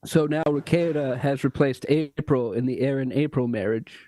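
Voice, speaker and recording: A man on a podcast, cracking deadpan jokes. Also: mid-range voice, normal speed, no echo, rough recording. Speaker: podcast co-host. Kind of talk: casual banter.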